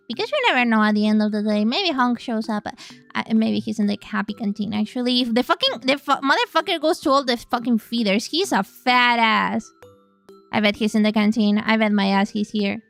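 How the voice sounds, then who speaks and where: A woman's voice: a little high, normal speed, fairly bright tone, faint music behind. A woman streamer who speaks natively, chatting casually and playfully on a live stream, swearing freely as she goes.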